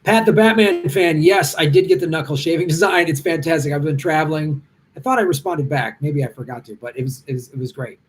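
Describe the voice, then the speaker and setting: A middle-aged stand-up comic with a slightly high voice talks fast while hosting a live Q&A stream from a hotel room. Answering viewer comments, he is blunt, impassioned, and rambling.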